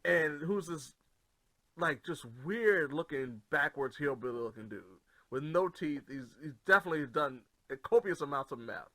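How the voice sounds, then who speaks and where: A man co-hosting a casual podcast from home, excitable and quick to react, often repeating his agreement. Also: a little high, dry recording. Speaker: podcast co-host. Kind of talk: casual chat.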